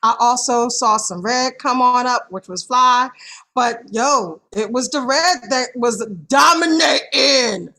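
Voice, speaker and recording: A woman's voice: on the high side, a little slow, sharp tone. An American woman announcing at an improv comedy show, slangy, playful and hammy. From United States.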